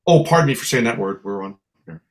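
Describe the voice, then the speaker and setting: A man's voice: medium pitch, fast. A middle-aged American man from San Francisco, a musician telling stories in an interview, who slips into accents when quoting people. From San Francisco, USA. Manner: lively storyteller, slips into accents for quoted people. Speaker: musician guest. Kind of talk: storytelling interview.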